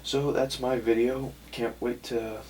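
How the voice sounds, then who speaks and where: A man's voice: medium pitch, little pitch movement, a little slow, a little mellow, slight background noise. A young man vlogging casually to camera, rambling a little and correcting himself as he shows off his haul. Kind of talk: casual vlog talk to camera.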